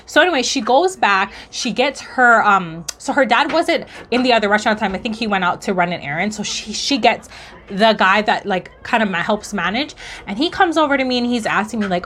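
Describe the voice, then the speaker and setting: A woman's voice: on the high side, lively intonation, fairly quick, fairly bright tone, a little hiss or hum. A young woman from Hawaii telling a work story in a blunt, sassy, heated way, with swearing and slang. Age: young adult. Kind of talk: casual storytime monologue.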